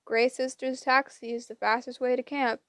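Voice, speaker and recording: A woman's voice: sits high, little pitch movement, normal speed, fairly bright tone, no echo, clean studio sound. A woman voicing a confident teenage girl who explains things matter-of-factly. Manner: matter-of-fact.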